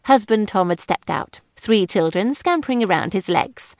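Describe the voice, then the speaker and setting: A woman's voice: mid-range voice, normal speed, no echo, clean studio sound. A woman reading a novel aloud as a first-person narrator. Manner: even, clear storytelling. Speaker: audiobook narrator.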